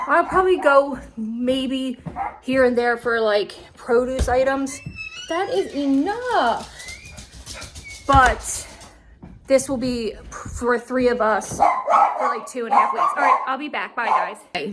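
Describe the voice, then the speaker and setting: Young woman rambling about grocery deals at home, bit out of breath, kinda high voice. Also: background noise. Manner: chatty and excited about bargains. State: a little out of breath. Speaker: vlogger. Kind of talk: casual grocery haul chat. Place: at home, kitchen.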